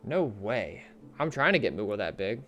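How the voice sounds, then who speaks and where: Chatty streamer guy, voice bouncing all over the place, gets hyped fast. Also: fairly low pitch, highs cut off. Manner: excitable, chatty, coos at his cat. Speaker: live streamer. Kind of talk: casual live-stream gaming chat.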